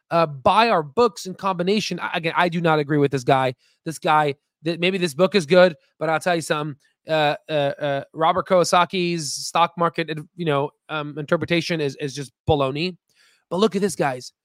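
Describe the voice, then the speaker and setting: Male investing host with a higher-than-usual pitch, dry sound; emphatic, rambling, self-promoting commentary. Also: a bit bright, no room sound. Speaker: stock market video host. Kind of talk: casual screen-share commentary.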